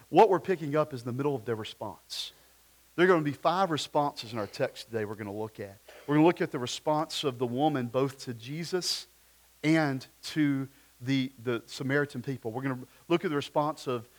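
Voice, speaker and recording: A man, preaching a sermon at a church service in a conversational way, full of rhetorical questions and personal stories. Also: mid-range voice. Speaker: pastor.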